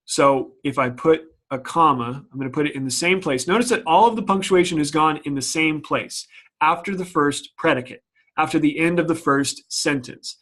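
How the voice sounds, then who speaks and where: A man with a slightly high voice walks through a grammar lesson one step at a time. He often restarts his sentences and fills pauses with ums, the way a teacher does when thinking aloud. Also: fairly bright tone.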